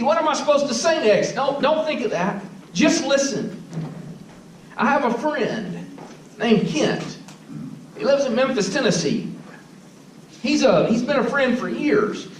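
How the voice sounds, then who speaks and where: A man's voice: extremely high pitch, roomy sound, recorded from a distance, a little hiss or hum, rough recording. A man preaching a sermon in a church, talking conversationally and often asking the congregation questions. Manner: conversational, asks the audience questions. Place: church sanctuary.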